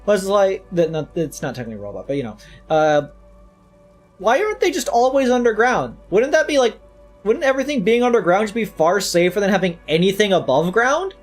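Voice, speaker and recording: Vtuber rambling through a game stream, jokey and self-mocking, mid-pitched voice. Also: very animated, fairly quick, soft background music. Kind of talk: casual chat during a game stream.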